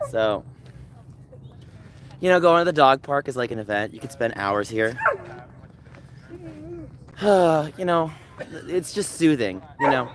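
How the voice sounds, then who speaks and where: This man streams live outdoors at a dog park, speaking slowly and expressively in a mid-range voice with long pauses. As he walks, he chats loosely, reads chat messages aloud, and talks to the dogs. Faint outdoor sounds and barking dogs come through.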